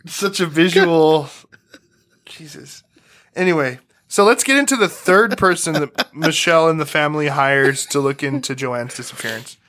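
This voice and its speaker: A man's voice: fairly high pitch, normal speed, bright, forceful tone, no room sound, studio quality. A man co-hosting a casual true-crime podcast, talking loosely with lots of fillers, restarts and swearing. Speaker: podcast co-host.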